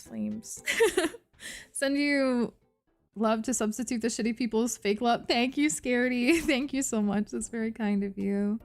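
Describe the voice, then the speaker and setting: A young woman streamer with a New Jersey accent chats loosely with her viewers, reading their comments aloud. Her voice sits a little on the high side, and she giggles a lot and swears freely. Soft music plays quietly under her talk. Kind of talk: casual live-stream chat, reading chat aloud. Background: faint background music.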